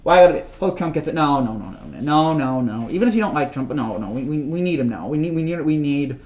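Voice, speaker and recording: A man's voice: fairly high pitch, lively intonation, quick pace, darkish tone. A man vlogging about sports in a casual rant, rambling and joking and often repeating himself.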